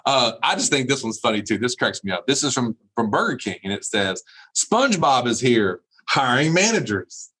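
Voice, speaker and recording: A man's voice: medium pitch, brisk, few pauses, sharp tone, low-quality recording. A middle-aged man giving a humorous keynote speech. He laughs often at his own jokes and repeats phrases for emphasis. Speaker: keynote speaker.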